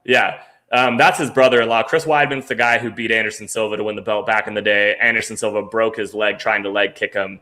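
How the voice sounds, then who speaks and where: A man's voice: lowish voice, fairly even intonation, brisk, few pauses, sharp tone. A man co-hosting a casual sports podcast, talking in a loose, rambling way with lots of fillers. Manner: rambling, filler-heavy, laughs while telling stories. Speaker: podcast co-host.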